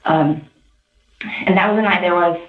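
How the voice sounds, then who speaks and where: A woman giving halting, rambling witness testimony in a police interview, heard on a tinny recording from far off. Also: fairly low pitch, reverberant. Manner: halting, rambling, full of restarts.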